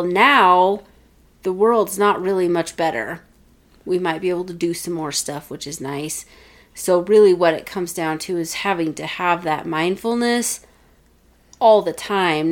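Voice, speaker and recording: A woman's voice: on the low side, measured pace. A woman in her thirties co-hosting a casual talk show, telling stories in a chatty way. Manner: chatty storytelling, acts out quoted family voices. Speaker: podcast co-host. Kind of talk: casual chat.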